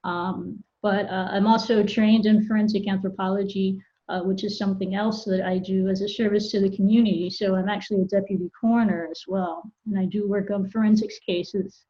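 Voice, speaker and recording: A woman's voice: medium pitch, fairly quick, mellow, dull audio. A woman from Florida, a university professor, talking in an articulate, easygoing way as a guest on a video-call podcast. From Florida, United States. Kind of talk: casual video-call interview.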